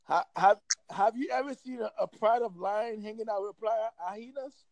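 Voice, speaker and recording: Man with a very high, gravelly voice giving a heated, profane rant in a dry, close sound. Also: normal speed, darkish tone, no echo, low-quality recording. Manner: heated, profane, emphatic ranting. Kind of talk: casual opinionated chat.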